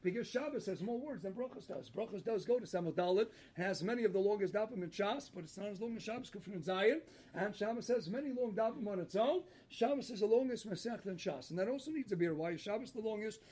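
A man with a very high voice leads a Torah lecture and strings one rabbinic story into the next. He talks in an animated, quick way and keeps laughing at his own punchlines. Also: breathy edge.

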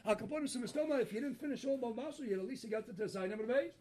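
A man teaching a Torah class, telling rabbinic stories in an animated way and laughing at his own punchlines. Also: very high-pitched, rapid-fire, a little hiss or hum.

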